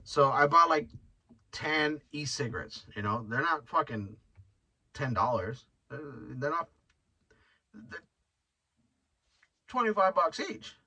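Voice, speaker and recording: A man's voice: fairly high pitch, big pitch swings, slow pace, long pauses, sharp tone, breathy edge, far from the mic. Blunt, profane man, slightly off-mic. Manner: rambling, blunt and profane, with frequent restarts. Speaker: podcast host. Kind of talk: casual solo podcast monologue.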